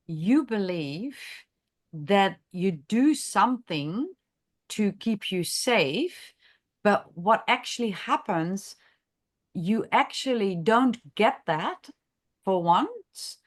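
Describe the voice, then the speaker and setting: A woman who is a chiropractor, leading a masterclass discussion in an unscripted, halting way, thinking aloud with many fillers and restarts. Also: medium pitch. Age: adult, has a grown daughter. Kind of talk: unscripted teaching talk.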